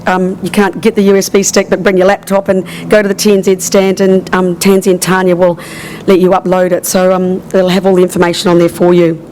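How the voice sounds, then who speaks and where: A woman, hoarse with a partly lost voice, giving a chatty conference presentation as a tourism manager, with many fillers. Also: lowish voice, little pitch movement, fairly quick, darkish tone, a little hiss or hum, poor audio.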